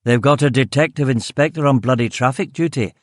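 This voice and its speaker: A man's voice: mid-range voice, a little fast, dry recording, studio quality, lightly acted. A man voicing a grizzled, blunt detective chief of about fifty, with a faint Scottish accent. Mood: gruff, weary. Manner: blunt, gruff, swearing.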